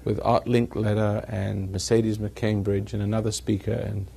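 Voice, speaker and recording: A man's voice: lowish voice, little pitch movement, moderate pace, vocal fry, dark tone, slightly rough. A man giving a rambling talk to a live audience, chuckling at his own jokes as he tells stories. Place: evening gathering with an audience.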